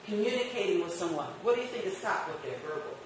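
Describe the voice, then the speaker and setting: Female instructor, lively classroom lecture, distant mic, heavy room echo, faint background hiss. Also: mid-range voice, quick pace. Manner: lively, questions the class and acts out customer exchanges. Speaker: marketing instructor. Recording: echoey room picked up from a distance.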